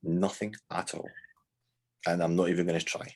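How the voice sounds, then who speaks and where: A man's voice: low voice, level tone, normal speed. A man with a Scottish accent, a band member chatting casually in an interview, rambling with many fillers and restarts. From Scotland.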